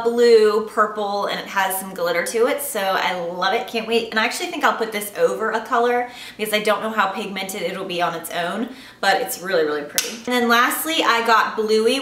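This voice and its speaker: A woman's voice: medium pitch, pushed and bright, echoey room, recorded from a distance. A woman vlogger chatting casually to camera about her shopping haul, upbeat and gushing. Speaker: beauty vlogger.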